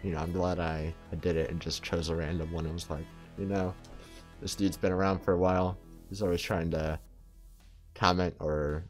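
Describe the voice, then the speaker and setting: American man, very low voice, relaxed rambling reaction commentary, filler words. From United States. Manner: laid-back, rambling, lots of fillers. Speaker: reaction video host.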